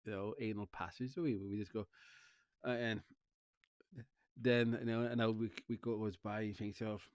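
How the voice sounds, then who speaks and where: On a recording with no room sound, a Welsh man speaks on the low side at a moderate pace, steady and darkish in tone, with frequent pauses. The streamer and vlogger rambles casually to his audience, repeats himself, laughs often and keeps returning to "you know what I mean."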